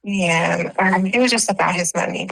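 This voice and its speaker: As an interview guest, this woman replies in a relaxed, halting way, filling gaps with fillers. She has a mid-range, gravelly yet fairly bright voice at a moderate pace, captured in a low-quality recording.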